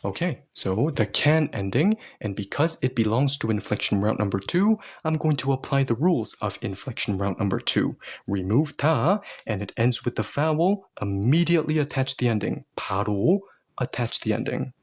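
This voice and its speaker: A man's voice: mid-range voice, animated, normal speed, husky. A man teaching Korean grammar to learners, explaining each step patiently and with a playful touch.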